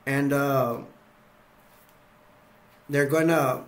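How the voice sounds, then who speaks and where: A man at medium pitch, steady and a bit bright, draws out his words while rambling through movie scenes as a video reviewer. He acts out characters' lines and leans heavily on fillers.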